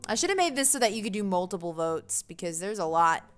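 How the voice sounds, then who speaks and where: A woman's voice: medium pitch, sing-song, fast, clean tone, soft background music. A young woman streaming a dating game, chatting casually with viewers in a giggly, self-mocking way. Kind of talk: casual livestream commentary.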